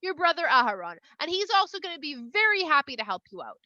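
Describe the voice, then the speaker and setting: A woman's voice: high voice, big pitch swings, fast, sharp tone, no room sound, heavily acted. A woman voicing God as a casual, chatty, reassuring figure in a retold story, on a dull, slightly lo-fi recording. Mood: exasperated. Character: God, a casual, patient, all-powerful voice.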